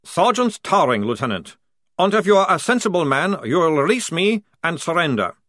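Male reader playing a smug soldier, loud and sarcastic, lively drawl, dry close sound. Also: fairly high pitch, moderate pace, no room sound, pitched above the performer's own voice. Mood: mocking. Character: cocky, relaxed enemy sergeant, bound prisoner.

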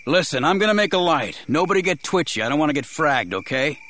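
A man puts on a wary male leader of armed men in a storybook. His tone is dry and bitter, with an animated pitch. A faint hiss lies under the voice. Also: moderate pace.

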